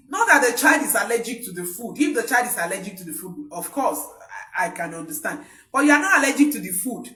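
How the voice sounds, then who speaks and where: A woman's voice: mid-range voice, big pitch swings, quick pace, bright, forceful tone. Woman, parenting coach, emphatic, repetitive, live-streamed talk, echoey room, distant mic. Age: adult parent. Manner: emphatic, repeats key points.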